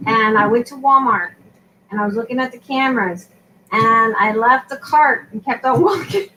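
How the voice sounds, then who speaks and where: A woman's voice: a little high, normal speed, sharp tone, slight background noise, low-quality recording. A woman chatting casually and telling a self-mocking story about being a new mother. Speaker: co-host of a crafting live show. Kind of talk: casual chat.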